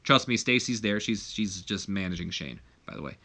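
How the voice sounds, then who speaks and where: A man's voice: lowish voice, expressive, normal speed, pushed and bright. A man casually narrating and recapping a wrestling management game, chatty and full of fillers. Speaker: video game commentator.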